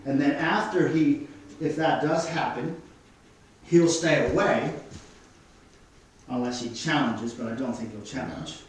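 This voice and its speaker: A man's voice: mid-range voice, a little slow, long pauses. Australian man dog trainer, echoey and distant. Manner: instructive, calm commands to dogs. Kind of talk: explaining while demonstrating. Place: studio. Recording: echoey room, mic at a distance.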